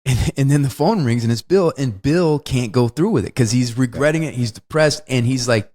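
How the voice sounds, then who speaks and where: Male podcast co-host, mid-pitched, animated delivery, swerves into acted movie lines. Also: moderate pace, hardly any pauses. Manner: animated, acts out movie lines in big shifting voices. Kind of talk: casual film discussion.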